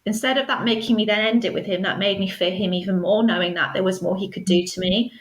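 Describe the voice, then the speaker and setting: A woman, a guest telling her personal story in a podcast interview, earnest and measured. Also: medium pitch, steady tone, echoey room, rough recording. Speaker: guest, stalking survivor.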